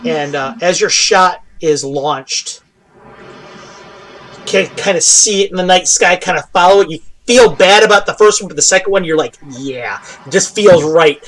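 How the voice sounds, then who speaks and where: High-voiced male game master. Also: a bit bright. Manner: halting, with many fillers. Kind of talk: narrating a tabletop game.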